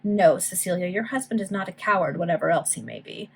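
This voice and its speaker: A woman reading the part of an earnest young guardsman officer, serious and firm, with a slightly husky voice. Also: on the low side, sing-song, brisk, full character voice.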